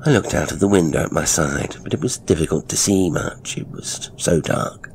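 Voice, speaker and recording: A man narrating a horror story in the first person, with a brooding, measured delivery. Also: low-pitched, vocal fry, darkish tone, a little hiss or hum.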